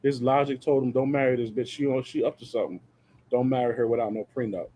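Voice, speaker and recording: A man comments bluntly on a clip he is reviewing, preaching a lesson and dragging out the words he wants to land. His voice is mellow and dark, with a husky edge, at a middling pitch. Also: fairly even intonation, low-quality recording. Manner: preachy, blunt, slow and emphatic on key words. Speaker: reviewer host reacting to a clip. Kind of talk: reaction commentary.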